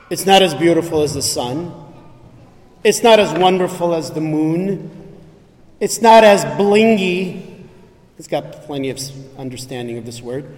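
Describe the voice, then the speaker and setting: Slow, preaching bishop in an echoing church. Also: male voice, a little high. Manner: preaching with rhetorical questions, dramatic pauses and sudden drops to a hush. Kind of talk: sermon.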